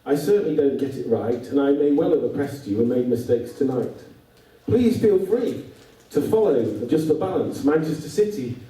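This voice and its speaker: Man, dark voice, wry deadpan speaker, heard from afar in a big echoing hall. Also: medium pitch, normal speed. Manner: dry, wry delivery with deadpan irony. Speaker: speaker addressing youth workers. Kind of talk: humorous talk to an audience. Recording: echoey hall, voice from far off.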